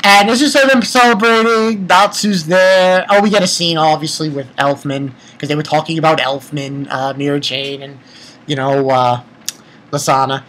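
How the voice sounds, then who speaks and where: A man's voice: a little high, steady tone, normal speed, fairly bright tone, rough recording. A man giving a casual, rambling chapter review, retelling scenes and swearing offhandedly. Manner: reads character lines aloud in summary. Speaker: manga reviewer.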